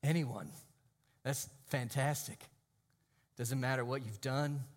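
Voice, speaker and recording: A male pastor preaches slowly in church, his mid-range voice holding a steady tone. He remains emphatic, drawing out key phrases and at moments dropping to a near whisper for emphasis.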